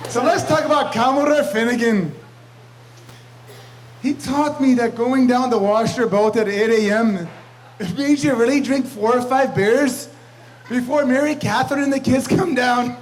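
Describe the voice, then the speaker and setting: A man's voice: extremely high pitch, normal speed, low-quality recording. A man giving a brash, rambling roast toast at a club party, laughing between his jokes. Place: banquet room with guests. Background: crowd laughing.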